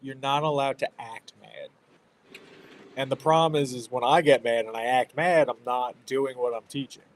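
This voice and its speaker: A man's voice: medium pitch, moderate pace, a little hiss or hum, poor audio. A man in his thirties hosting a stream, chatting casually about parenting and laughing often. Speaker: livestream host. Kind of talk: casual chat.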